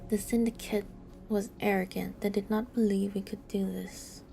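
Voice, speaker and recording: A woman's voice: mid-range voice, fairly even intonation, normal speed, gravelly, dark tone, soft background music, lightly acted. A woman doing a firm strike leader. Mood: commanding. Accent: Mexican Spanish accent put on. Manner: firm, commanding speech. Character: defiant strike leader rallying miners. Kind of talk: reading game dialogue aloud.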